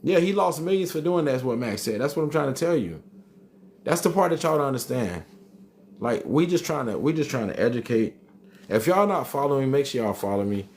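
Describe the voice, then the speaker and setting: A man's voice: medium pitch, animated, fairly quick, a little mellow, slight background noise. A man hosting a live stream, reading chat comments aloud and arguing back with emphatic repetition. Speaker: livestream host reading chat.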